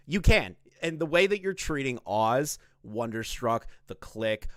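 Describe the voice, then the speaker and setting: Animated, foul-mouthed male streamer. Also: a little high, dry recording, clean studio sound. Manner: crude, profane, mocking, excitable. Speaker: drama commentary streamer. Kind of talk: casual live-stream commentary.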